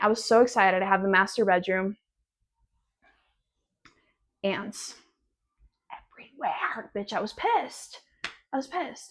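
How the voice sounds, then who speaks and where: A woman in her twenties hosting a casual solo podcast from home, sassy, profane and rambling. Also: mid-range voice. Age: 20s. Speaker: podcast host.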